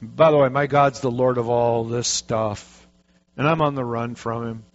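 A man's voice: mid-range voice, fairly even intonation, measured pace, voice pushed down, close to an everyday voice. A man voicing a weary runaway prophet who admits his fault plainly. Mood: resigned. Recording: dull lo-fi recording.

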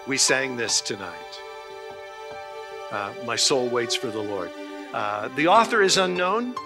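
A man preaching a sermon, earnest and explanatory, slowing down on key phrases and often restarting his sentences. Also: medium pitch, lively intonation, over music. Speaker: pastor.

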